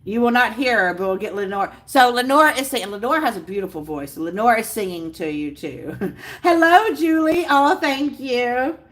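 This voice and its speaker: A woman's voice: medium pitch, animated, fairly quick, few pauses, fairly bright tone. A woman hosting a casual livestream, bubbly and gushing as she greets viewers by name. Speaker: livestream host. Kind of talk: casual live chat with viewers.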